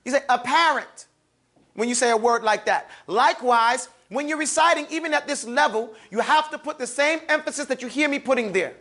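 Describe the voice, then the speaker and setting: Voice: sits high, brisk, hardly any pauses, a bit bright. An Arabic reading teacher in a live classroom, teasing the class and stressing each letter sound. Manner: emphatic, teasing, calls out letters for the class to repeat. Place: classroom with students.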